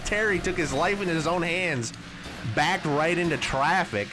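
A man commentating his own racing game play in a casual, excitable way, with sudden loud yelps at crashes. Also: a little high, measured pace, over music. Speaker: gaming channel host. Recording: noisy game audio underneath.

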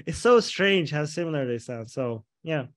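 Animated man, higher voice. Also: moderate pace. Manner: animated, restarts often, laughs while talking. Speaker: guest. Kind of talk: video-call interview.

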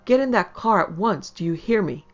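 A woman reading the lines of a proud, brisk city wife who has moved to the country, in a prim, commanding manner. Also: low-pitched, vocal fry, a little mellow, soft background music, heavily acted. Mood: urgent, scolding. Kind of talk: audiobook character voice. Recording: slightly dull lo-fi audio.

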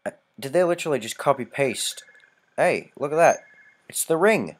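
A man from Canada commenting on a game, sarcastic and profane, shouting in frustrated bursts. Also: on the high side, expressive, normal speed. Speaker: let's play host. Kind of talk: gameplay commentary.

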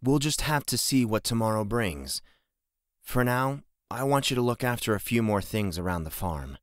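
A man voicing a concerned middle-aged farmer speaking calmly to his daughter. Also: mid-range voice, moderate pace, no room sound, studio quality, lightly acted. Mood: gentle. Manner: calm, fatherly.

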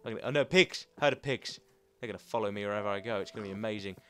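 A young man commenting as he plays a video game, chatty and excitable, talking to the animals in the game. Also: fairly low pitch, racing, clean tone. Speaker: gaming commentator. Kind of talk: playing a game with live commentary.

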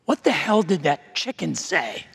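A man's voice: fairly high pitch, sing-song, unhurried, creaky, a bit bright, slightly rough, long reverb tail, pitched below the performer's own voice, full character voice. A man doing a suddenly polite cussing parrot. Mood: curious. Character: parrot, talkative, foul-mouthed bird turned polite.

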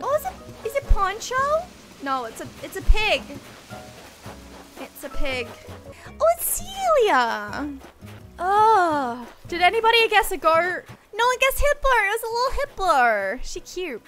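A young woman, chatting casually on a game livestream and gasping and squealing at each new reveal. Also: high-pitched. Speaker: streamer. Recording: game music playing behind.

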